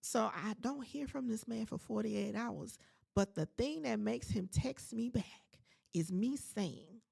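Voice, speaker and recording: Gravelly-voiced woman telling a story. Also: medium pitch. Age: 40s. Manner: animated, emphatic, addresses listeners directly. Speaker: podcast host. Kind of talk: casual storytelling monologue to listeners.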